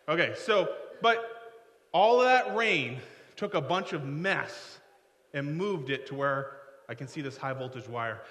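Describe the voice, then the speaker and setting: A male pastor with a fairly high, bright, forceful voice, preaching in a loose, chatty way full of asides. His words echo around a large hall with long reverb. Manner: conversational, digressive, self-deprecating asides. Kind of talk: sermon.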